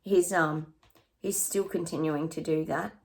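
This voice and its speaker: A woman's voice: low-pitched, fairly even intonation, measured pace, a little mellow. A woman psychic chatting through her predictions in a rambling, casual way, sometimes dropping to a near-whisper.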